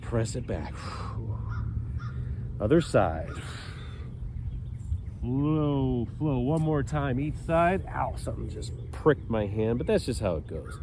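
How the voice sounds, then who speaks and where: A man in his fifties leading a morning stretch outdoors, upbeat and jokey, a little stuffy and clearing his throat now and then. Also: medium pitch, big pitch swings, slow, long pauses, noisy background. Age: 50s. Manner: upbeat, jokey, cues movements while doing them. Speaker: fitness coach. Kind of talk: guided stretching instruction. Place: outdoors on a mat on grass.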